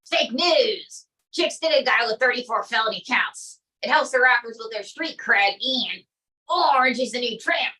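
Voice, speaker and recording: A woman's voice: a little high, animated, moderate pace, sharp tone. A woman doing an improv impression of a boastful male politician with a blustering, crude, self-praising manner, on a distant mic. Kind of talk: improv sketch.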